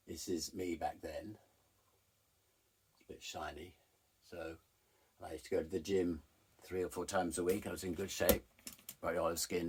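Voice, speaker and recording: Deep husky man, frank storyteller. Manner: frank, candid, animated retelling. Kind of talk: personal storytelling.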